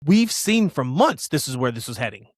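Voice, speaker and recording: A man co-hosting a casual wrestling podcast, opinionated and emphatic, rushing through tangents. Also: mid-range voice, sing-song, no echo, clean studio sound. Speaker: podcast co-host.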